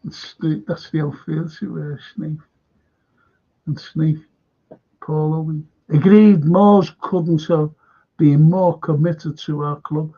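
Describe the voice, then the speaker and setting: Slow-talking husky man reading live chat. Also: a little high. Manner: reads viewer comments aloud, chuckling, swears casually. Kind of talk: casual live-stream chat. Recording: dull lo-fi stream audio.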